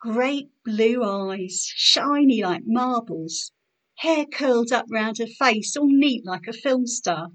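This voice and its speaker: A woman's voice: on the high side, animated, slow pace, rough recording. A woman voicing a melancholic underage working-class boy soldier in a spoken poetry performance.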